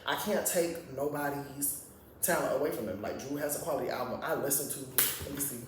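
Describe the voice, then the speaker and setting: A man's voice: mid-range voice, brisk, distant mic, noisy background. A man giving a blunt, profane, rambling casual opinion monologue as a reality TV commentator. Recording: very echoey room, off-mic.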